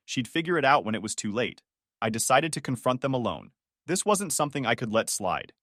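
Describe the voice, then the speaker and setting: A man narrating a first-person family drama story in an expressive, storytelling manner. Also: mid-range voice, dry recording, clean studio sound.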